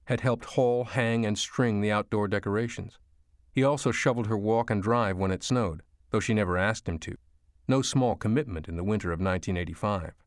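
A man with a fairly low voice reads a story aloud in a calm, measured way. The recording is dry and close, straight into a studio microphone. He narrates steadily, without hurry. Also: no room sound. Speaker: audiobook narrator. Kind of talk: scripted narration.

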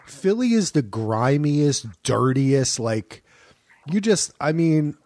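Animated podcast host from New Jersey. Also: male voice, on the high side, slow pace, no room sound. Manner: lively, animated, laughs easily. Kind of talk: casual group chat. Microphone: home microphone on a call.

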